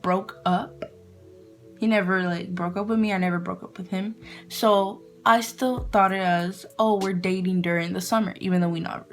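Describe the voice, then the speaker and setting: A young woman vlogger telling a story in a casual, chatty way, full of fillers, acting out her own quotes with whispers and squeals. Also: medium pitch.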